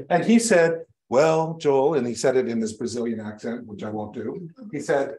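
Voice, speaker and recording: In a church sanctuary, a male reverend with a mid-range voice preaches briskly to his congregation. His sermon unfolds as warm, conversational storytelling laced with light, self-deprecating humor.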